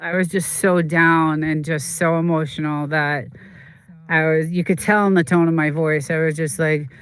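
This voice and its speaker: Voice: medium pitch, fairly even intonation, normal speed, fairly bright tone. A streamer talking in a rambling, emotional way, full of fillers and restarts, in casual chat from a desert home.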